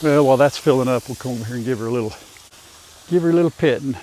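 A man's voice: mid-range voice, fast talker, warm tone, a little hiss or hum. Folksy older man. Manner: folksy, chatty, talks to his animals. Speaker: farmer and vlogger. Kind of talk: casual farm vlog. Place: outdoors on a farm.

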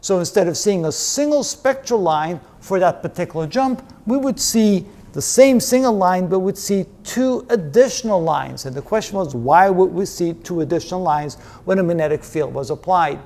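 Explanatory lecturer man, slightly high voice. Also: expressive, normal speed, hardly any pauses, a little mellow. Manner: explanatory, restarts and rephrases mid-sentence. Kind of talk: whiteboard physics lecture.

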